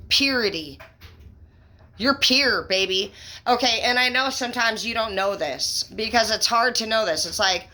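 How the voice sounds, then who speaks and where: Bright, excitable woman reading tarot. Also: fairly high pitch. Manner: excitable, profane and emphatic, gushing praise; affectionate pet names, conversational fillers. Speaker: tarot reader. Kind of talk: tarot reading vlog addressed to viewers.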